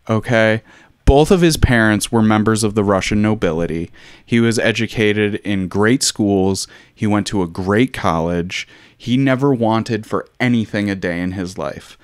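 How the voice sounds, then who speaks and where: A man's voice: lowish voice, normal speed, clean tone, no room sound, clean studio sound. A man hosting a casual history talk, loose and chatty with plenty of ums and wry asides. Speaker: podcast host.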